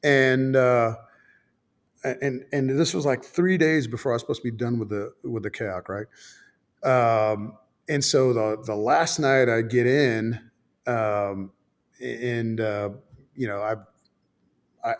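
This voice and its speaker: A man's voice: medium pitch, unhurried. Man in his fifties telling a war story, salty and offhand. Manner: swears freely, self-deprecating, many fillers and restarts. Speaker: guest, former fighter pilot. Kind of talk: casual storytelling.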